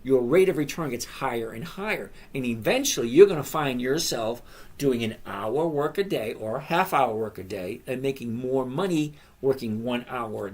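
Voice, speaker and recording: Chatty older man answering viewer questions. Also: mid-range voice. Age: 60s. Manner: reads viewer questions aloud and answers them by name, rambling and chatty. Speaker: trading educator hosting a live stream. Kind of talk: casual live-stream Q&A.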